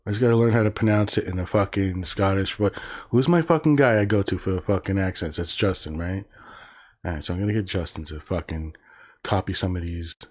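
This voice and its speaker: A man's voice: low-pitched, fairly quick. A man hosting a casual livestream, reading words aloud and reacting with profane, sarcastic, muttered asides. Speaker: livestream host.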